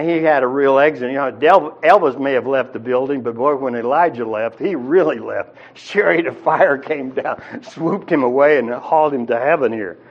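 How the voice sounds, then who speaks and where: A man's voice: medium pitch, dull audio. A man teaching a Bible sermon in a conversational way, often restarting and repeating his words. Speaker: preacher.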